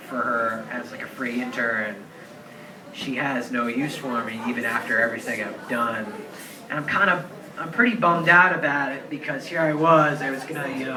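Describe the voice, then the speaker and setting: A man's voice: medium pitch, far from the mic. A young man in his twenties telling a rambling, earnest story with lots of "like" fillers at a live show in a bar. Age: 20s. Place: crowded bar. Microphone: distant handheld camera. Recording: roomy bar recording from afar, crowd chatter.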